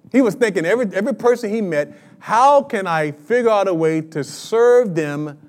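High-voiced energetic preacher in his fifties. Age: 50s. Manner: energetic preaching, rhetorical questions to the congregation. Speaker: pastor. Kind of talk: sermon.

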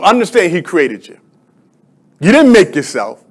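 A man preaching with a high, ringing voice. He leads the congregation in call and response and builds into emphatic, declaring lines, like a pastor in full sermon. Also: very animated, a little slow, breathy edge.

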